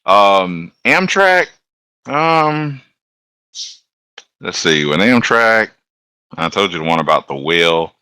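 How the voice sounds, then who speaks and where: A very deep-voiced man tells easygoing stories as a podcast guest. His tone is bright and forceful despite the low pitch. He laughs often and acts out the voices of the people in his stories. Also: very animated, slow pace, long pauses, smooth, no room sound. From Alabama. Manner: laid-back storyteller, laughs often, acts out quotes. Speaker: guest, locomotive engineer. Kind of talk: casual storytelling on a podcast.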